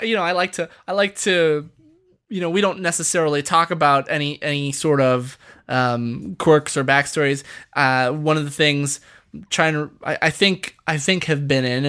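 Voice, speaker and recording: A man's voice: on the high side, a bit bright, clean tone. A man talking casually as a guest voice actor, rambling with many restarts and frequent laughs. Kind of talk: casual podcast interview.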